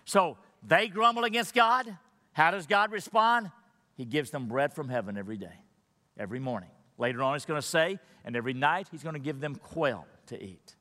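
A man preaching in a high, bright voice that carries a long reverb from a large hall. He delivers his sermon conversationally, putting rhetorical questions to the congregation. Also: normal speed. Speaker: pastor.

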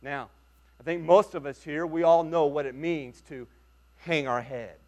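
A man preaching a sermon as pastor, earnest and emphatic, with dramatic pauses. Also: a little high, steady tone, mellow.

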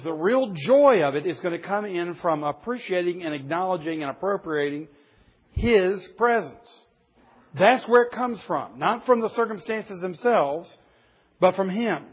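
A man's voice: sits high, expressive, measured pace, husky. A man in his fifties, a pastor preaching a sermon in an emphatic, humorous storytelling way. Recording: dull lo-fi recording.

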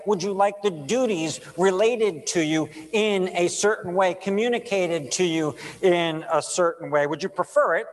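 A male pastor preaching in a measured, unhurried way, with a voice pitched a little high for a man. He reads scripture, prays and asks his listeners rhetorical questions. His voice rings out with the long reverb of a large church sanctuary. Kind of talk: sermon with scripture reading and prayer.

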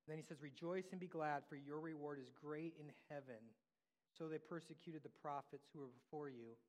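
A man's voice: a little high, normal speed, a little mellow. A man preaching a sermon as pastor, in a conversational style that acts out quoted voices. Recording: long hall reverb.

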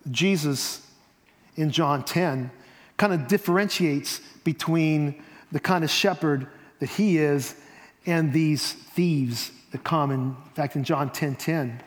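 Man, preacher, sermon, fairly high voice, loud peaks and near whispers, long hall reverb. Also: takes it slowly. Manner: dynamic, swings from loud emphasis to near whispers.

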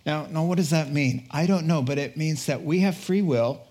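A man's voice: on the high side, moderate pace, a little mellow. A man preaching a sermon with energy, exhorting and repeating words for punch, with joking asides. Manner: jokey asides, laughs at himself.

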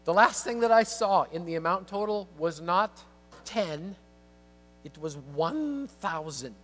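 A man preaching a sermon as pastor, telling a story in an animated way that swings from hushed to excited. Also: high-pitched, slow, soft background music.

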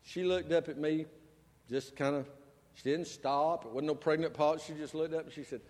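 A male pastor preaching a storytelling sermon, swinging between loud and soft. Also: a little high, moderate pace. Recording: long church reverb.

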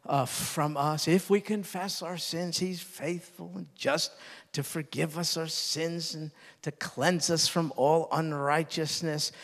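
An older man preaching a sermon who talks earnestly and drops low and soft when he quotes tender words. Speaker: pastor. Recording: long reverb.

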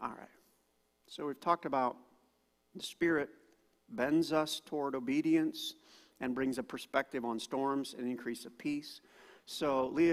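A man preaching a sermon as pastor, animated and acting out quoted voices loudly. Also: mid-range voice. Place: church auditorium. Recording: long hall reverb.

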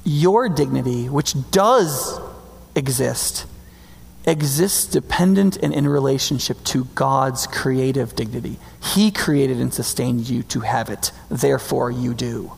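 A man preaching a sermon in a conversational, emphatic way, slowing down to stress key words. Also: mid-range voice, creaky. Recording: long reverb hall.

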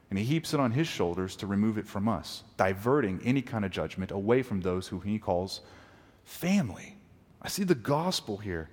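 A man preaching a sermon as pastor, moving between hushed reflection and loud, impassioned scripture reading. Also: mid-range voice. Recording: long reverb of a large hall.

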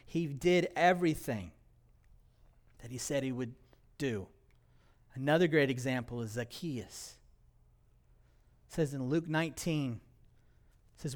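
A male pastor preaching a sermon, asking rhetorical questions and reading scripture, moving between loud emphatic passages and quiet, low stretches. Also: unhurried, long pauses.

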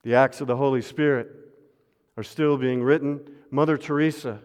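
A man preaching a sermon as pastor, swinging from loud refrains to hushed asides and calling on the congregation to repeat after him. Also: mid-range voice, fairly even intonation, normal speed, clean tone. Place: church sanctuary. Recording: long hall reverb.

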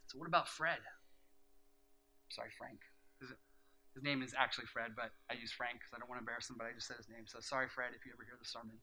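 A man preaching a sermon with passion, swinging from loud exhortation to hushed storytelling. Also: medium pitch, fairly even intonation, quick pace, long pauses, a little hiss or hum, rough recording. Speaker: pastor.

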